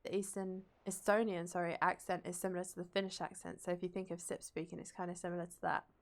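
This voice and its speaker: A woman's voice: lowish voice, flat delivery, quick pace, creaky. A young woman streamer and drama teacher, rambling casually as she plays a game and reads chat aloud and answers it.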